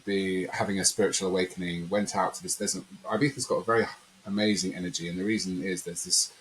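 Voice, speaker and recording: Speaking fast in a low-pitched voice, this podcast guest rambles through a personal story during a conversational interview, animatedly acting out the quotes. The recording is low quality, with a little hiss or hum.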